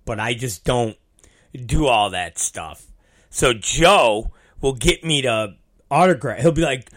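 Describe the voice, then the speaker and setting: A man talks at an unhurried, drawn-out pace in a bright, forceful voice. He rambles through a casual monologue, cursing freely and running himself down. His pitch sits in an ordinary middle range. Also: lively intonation. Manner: rambling, swears freely, self-deprecating.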